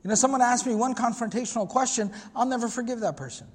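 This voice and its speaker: High-voiced man lecturing in an echoey hall. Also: fast. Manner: earnest, explanatory, with Arabic quotations. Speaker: Islamic lecturer. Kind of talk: religious history lecture.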